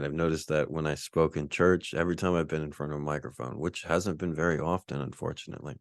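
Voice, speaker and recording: A man's voice: extremely low pitch, fairly even intonation, quick pace, hardly any pauses, no echo, studio quality. A man in his forties from Texas, telling a rambling, laid-back story as a podcast host. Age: 40s. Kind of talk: casual storytelling monologue.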